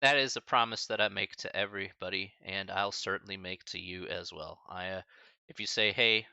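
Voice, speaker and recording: A man teaching a math class on a live stream, saying goodbye to his students in a halting, emotional and casual way, often calling them buddy and man. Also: low-pitched, fairly even intonation, vocal fry, sharp tone, smooth, dry recording, highs cut off. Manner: halting and choked up, many restarts and sighs; casual, friendly, calls listeners buddy and man. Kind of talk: emotional farewell talk to a live stream chat.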